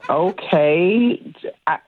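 A woman's voice: lowish voice, lively intonation, extremely slow, slightly rough. A woman answering a restaurant phone line, polite and increasingly flustered.

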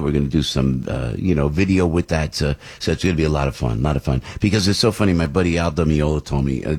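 A man's voice: a bass voice, a little mellow, slightly rough. A middle-aged man hosting a radio show, chatting casually and rambling with lots of fillers and restarts. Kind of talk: casual on-air chat.

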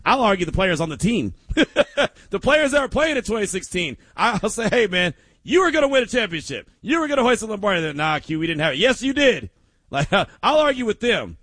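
A man's voice: medium pitch, dry recording. A man hosting a sports talk radio show, telling stories emphatically and laughing often. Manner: animated, laughing, emphatic storyteller.

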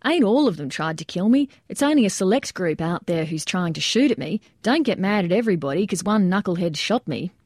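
A blunt, wounded army first sergeant tells what happened in a plain, matter-of-fact way, as a woman reads his words in her own low, mellow voice. The sound is close and dry. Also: animated, fairly quick, few pauses, no room sound.

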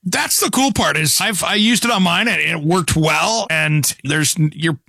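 A higher, bright-toned man with a gravelly edge hosts a casual chat and throws in dry, sarcastic jokes. His voice is close and dry, with no reverb. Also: a little slow. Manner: joking, sarcastic. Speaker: host. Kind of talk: casual talk show chat.

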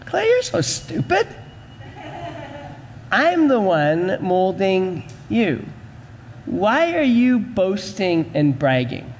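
A man's voice: high voice, wildly swooping pitch, very slow, long pauses, in a large hall, a little hiss or hum, exaggerated voice. A man voicing a woman potter who scolds her clay in an exasperated tone. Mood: scolding.

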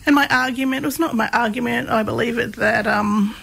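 A woman who researches comedy, appearing as an interview guest, tells stories in a chatty, casual way and laughs as she talks. Her voice is a little high, steady, a bit bright, slightly rough, and creaky, and she speaks a little fast over poor audio.

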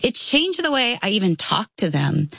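Woman in her 50s, co-host, gravelly voice, animated storyteller. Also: mid-range voice, normal speed, no room sound. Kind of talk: casual conversation.

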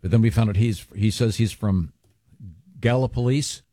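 Radio co-host man, low mellow voice, dry studio sound, rambling with fillers. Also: fairly even intonation, dry recording. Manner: rambling, halting with many fillers. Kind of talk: morning radio banter. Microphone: studio microphone.

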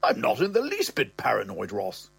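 A man's voice: fairly low pitch, wildly swooping pitch, normal speed, creaky, a bit bright, breathy edge, dry recording, soft background music, full character voice. A man reading aloud, putting on a pompous, sputtering older father with an affected posh tone. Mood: flustered.

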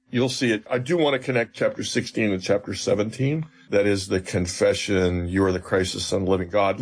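A man's voice: lowish voice, husky. A man, a seminary professor, explaining scripture in an interview and retelling stories with emphatic quoted dialogue.

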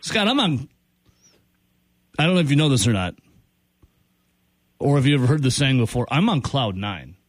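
A man's voice: mid-range voice, big pitch swings, normal speed, pauses often, dry recording. A man hosting a call-in radio show, playful and joking, shifting his tone for effect. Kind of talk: casual call-in radio banter.

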